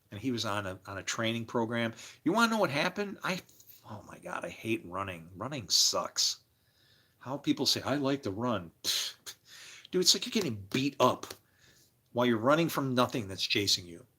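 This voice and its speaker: A man livestreaming, telling rambling personal stories in a loose, animated way, laughing and swearing freely as he jumps between tangents. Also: mid-range voice, moderate pace, slightly rough. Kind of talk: casual rambling storytelling.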